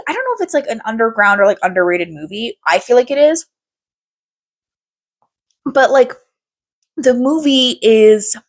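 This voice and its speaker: A young adult woman hosting a podcast in casual chat, rambling and swearing freely. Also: on the high side. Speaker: podcast host.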